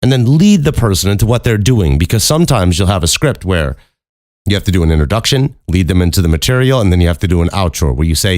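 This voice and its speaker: Low-voiced man from Chicago, casual and candid. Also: expressive, fast, darkish tone, no room sound, studio quality. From Chicago, USA. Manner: candid, profane, joking asides. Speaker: podcast host and voice actor. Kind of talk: casual monologue.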